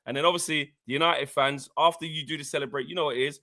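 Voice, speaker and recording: A man co-hosting a casual football podcast, telling stories in an animated, slangy way. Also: a little high, quick pace, hardly any pauses. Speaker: co-host.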